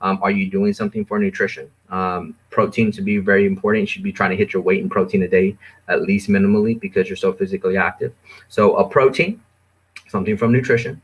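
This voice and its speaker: Low-voiced man giving supplement advice. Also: fast talker, slightly rough. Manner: relaxed, filler-heavy, coaching. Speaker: supplement store specialist guest. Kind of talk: casual advice chat.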